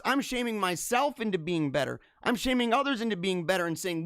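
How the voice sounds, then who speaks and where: Male host, fervent preachy delivery with big loud-soft swings, somewhat high voice. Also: expressive, normal speed, no echo, studio quality. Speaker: host of a live religious show. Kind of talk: impassioned live-stream monologue.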